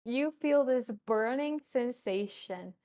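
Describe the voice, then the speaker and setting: A woman narrating a tabletop game as game master, halting with many ums and you-knows. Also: fairly high pitch, a little mellow.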